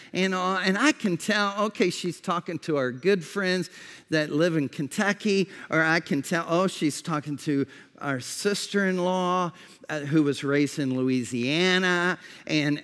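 A man preaching in a relaxed, conversational way, often restarting his phrases and dropping to a soft, slow voice for reflective questions. His voice sits fairly high and unhurried. The sound rings with the long reverb of a large hall. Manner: conversational preaching with repeated false starts. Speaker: pastor. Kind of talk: sermon.

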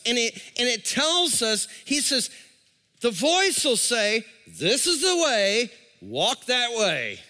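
A man's voice: sits high, pushed and bright, clean tone, long reverb tail. A man preaching a sermon as pastor, talking animatedly, repeating words and calling out to the congregation.

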